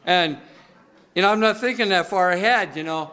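A man's voice: high voice, a little fast, bright, forceful tone. A male pastor preaching a sermon in a conversational, folksy way, with many filler uhs.

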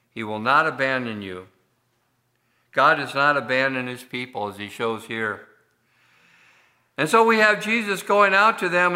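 Slow, bright-voiced male preacher. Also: fairly high pitch. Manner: slow, deliberate preaching with frequent fillers. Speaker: pastor. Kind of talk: sermon.

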